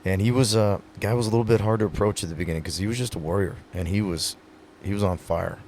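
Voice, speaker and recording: A man's voice: lowish voice, fast talker, a little mellow, slight background noise. A man, a retiring pro rodeo athlete, talking earnestly in a casual podcast conversation, telling stories with many fillers.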